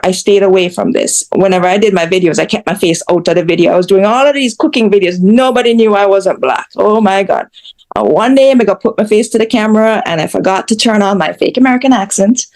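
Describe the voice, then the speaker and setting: A woman's voice: medium pitch, darkish tone. A woman from Jamaica, a social media creator being interviewed, speaking bluntly with self-mocking asides and acted-out quotes. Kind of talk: candid storytelling in interview.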